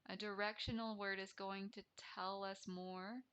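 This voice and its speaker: A woman English teacher explaining a grammar lesson deliberately, repeating each key term. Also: mid-range voice, little pitch movement, fairly bright tone, highs cut off.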